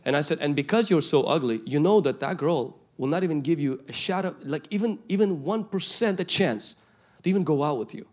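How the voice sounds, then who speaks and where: A male pastor, preaching a sermon and telling a story from his youth, swinging between loud calls and hushed asides. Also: on the high side, fairly quick. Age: 20s at the time of the story, now older.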